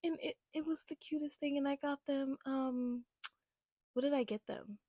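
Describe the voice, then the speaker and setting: A young woman with a fairly high voice tells stories from her own life in a loose, chatty way. She is emphatic and animated, and she fills her sentences with "like". The sound is close and dry. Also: normal speed, no room sound. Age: young adult. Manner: animated, emphatic, heavy use of "like". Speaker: vlogger. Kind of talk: casual storytelling.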